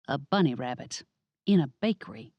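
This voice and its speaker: A woman's voice: rumbling low, lively intonation, moderate pace, no echo, highs cut off. A woman narrating a cozy audiobook in first person, wry and conversational.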